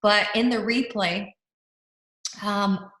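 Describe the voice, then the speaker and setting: A young woman, a team leader, telling a story in casual leadership talk over a video call, animated with many restarts and fillers. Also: mid-range voice, takes it slowly. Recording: roomy echo.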